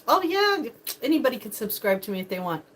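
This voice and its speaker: A woman's voice: on the high side, sing-song, brisk, a bit bright. An older woman hosting a casual live-stream cooking chat from her home kitchen, chatty and bubbly, greeting viewers by name. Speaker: livestream host.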